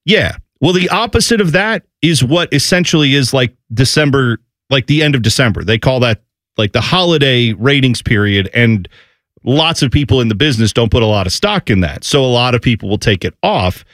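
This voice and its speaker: A man's voice: medium pitch, a little fast, no echo, studio quality. A man hosting a sports radio show, chatting casually and acting out quoted voices. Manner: animated, acts out quoted voices.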